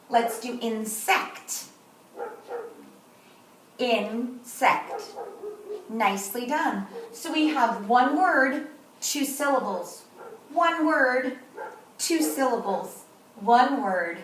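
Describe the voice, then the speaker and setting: A woman teaching kindergarten, who talks slowly and clearly to young children and sounds out and repeats words. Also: sits high, fairly bright tone. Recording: roomy echo, voice from a distance, faint noise.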